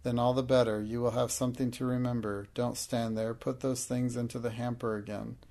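Guy reading as a cold bossy headmistress, flat gravelly voice, barks orders in an audiobook. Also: medium pitch, brisk, natural voice. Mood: stern. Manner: harsh, cold, commanding. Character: stern, furious female schoolmistress.

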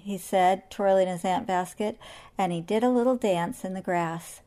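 A woman reads a children's animal story aloud. Her narration is gentle and measured, at an ordinary middle pitch.

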